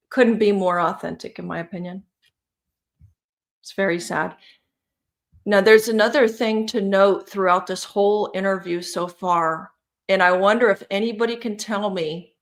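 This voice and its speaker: A woman hosting a casual live-stream, talking opinionated and animated while reading and answering her live chat. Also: mid-range voice. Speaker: livestream true-crime commentator.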